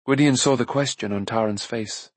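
A man narrating a fantasy novel aloud with an even storytelling delivery. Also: medium pitch, moderate pace, husky, no echo. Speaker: audiobook narrator. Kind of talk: scripted narration.

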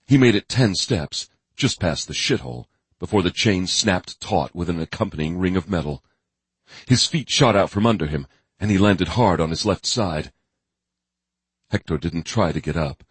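A man narrating a dark thriller audiobook in a measured storytelling manner with vivid emphasis. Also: deep voice, breathy edge, dry recording.

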